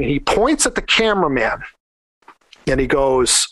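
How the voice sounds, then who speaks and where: A middle-aged man telling a casual anecdote, rambling and animated with many fillers. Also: a little high, moderate pace, no room sound. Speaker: storyteller.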